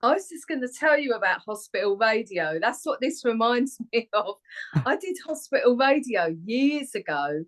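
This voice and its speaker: A woman's voice: on the high side, big pitch swings, normal speed, a bit bright, rough recording. A woman, chatting as a guest on a radio show over a video call, rambling and laughing often. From Harlow, Essex, England. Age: 40s. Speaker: guest singer and actor. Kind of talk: casual chat on a radio interview. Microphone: remote video call.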